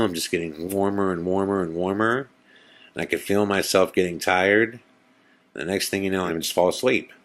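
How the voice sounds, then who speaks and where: A man's voice: deep voice, gravelly. Man telling a spooky story casually. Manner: animated retelling with quoted dialogue, many fillers. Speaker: podcast host.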